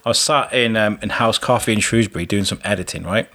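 A man's voice: fairly low pitch, fast, a bit bright. A man hosting a podcast, chatting casually and rambling with lots of filler words. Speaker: podcast host. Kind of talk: casual chat and outro.

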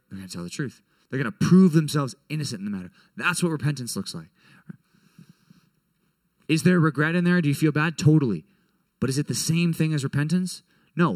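Casual animated male preacher. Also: medium pitch, no echo. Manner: conversational, animated, frequent "right?" check-ins. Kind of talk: sermon to young people.

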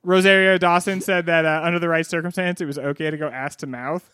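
A man's voice: fairly high pitch, steady tone, quick pace, bright, forceful tone, smooth, dry recording. A man co-hosting a casual movie podcast, joking and acting out quotes. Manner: jokey, acts out quotes. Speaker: podcast co-host.

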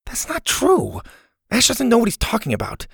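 A man's voice: very high voice, wildly swooping pitch, moderate pace, gravelly, a bit bright, breathy edge, dry recording, studio quality, voice pushed up, exaggerated voice. A man voicing a kind, earnest boy who talks supportively to his friend. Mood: encouraging. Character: kind, encouraging boy camper.

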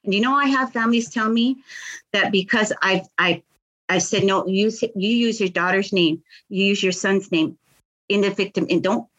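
A woman's voice: mid-range voice, normal speed, a bit bright, dull audio. Impassioned middle-aged woman. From Hawaii. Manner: earnest, impassioned, repeats words. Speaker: victims' advocate, guest. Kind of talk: emotional interview storytelling.

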